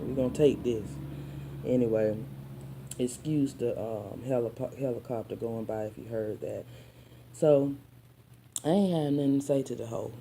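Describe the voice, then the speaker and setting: A woman vlogger telling a personal story in a casual storytime monologue. She is sassy and preachy, calls her listeners honey and child, and drops into soft asides. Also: a bass voice, normal speed, pauses often, noisy background.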